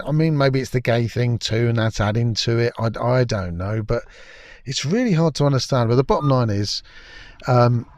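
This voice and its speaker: A man's voice: medium pitch, no echo, clean studio sound. A man giving a sarcastic, scornful spoken review of a TV episode, swearing freely. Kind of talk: ranting video review commentary.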